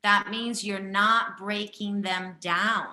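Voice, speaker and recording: Hosting a live intuitive health session, she reads for a single participant, speaking slowly with a medium, steady pitch and a sharp tone in a reverberant space. She is from Japan, Japanese is her native language, and a slight accent comes through. Direct and insistent, she keeps asking "okay?".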